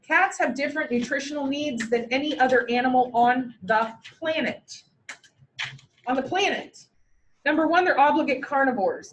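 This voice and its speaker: A woman's voice: sits high, a little hiss or hum. A woman teaching veterinary technicians in a classroom, blunt and joking with an emphatic delivery, in an echoey room with the mic far away. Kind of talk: classroom lecture.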